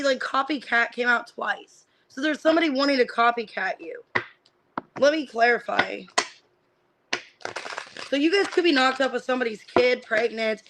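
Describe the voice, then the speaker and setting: A woman giving a casual live-streamed tarot reading. She names the cards one by one and thinks out loud as she reads them, with lots of fillers. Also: high-pitched, background noise. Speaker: tarot reader.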